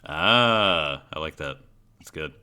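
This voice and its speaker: Deep bright-voiced man running a game. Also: expressive, slow, clear, resonant tone. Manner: hesitant, many fillers and restarts. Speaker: game master. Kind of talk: guiding character creation in a tabletop game.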